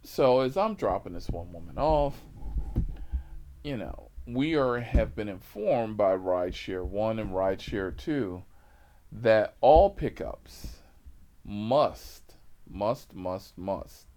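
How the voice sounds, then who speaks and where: A man working as a rideshare driver, telling a story in an animated, slangy, casual way. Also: on the low side, slow.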